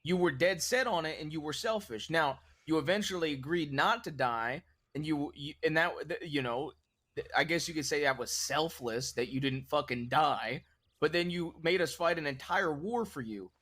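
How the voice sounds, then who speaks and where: A man's voice: on the high side, normal speed, fairly bright tone. A man roleplaying in a western game, arguing his point and teasing his friends in casual in-character chat. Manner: argumentative, teasing.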